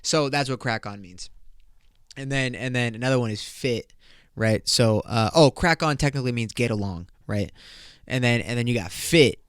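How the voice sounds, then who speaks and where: A man's voice: mid-range voice, normal speed, smooth, no echo, clean studio sound. A man hosting a podcast in loose, profane, joking casual chat. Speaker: podcast host.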